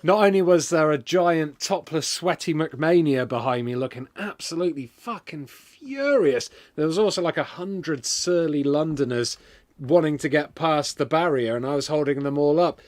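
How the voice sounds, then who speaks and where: A man's voice: lively intonation, moderate pace. English man telling a wild comic tale. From England. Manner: swings from low mumbling to loud shouted outbursts. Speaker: streamer host. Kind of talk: comic storytelling.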